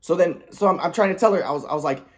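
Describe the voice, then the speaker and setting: Heated, rambling man with a husky voice. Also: high voice, rapid-fire. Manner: rambling, repeats words and restarts; aggrieved, heated. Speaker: vlogger. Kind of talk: personal storytelling monologue.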